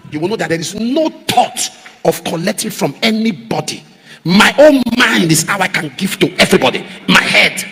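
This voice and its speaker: Male pastor, high animated voice, quick delivery, sermon in echoey hall. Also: slightly rough. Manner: preaching with repeated refrains, rising to shouts. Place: large church auditorium.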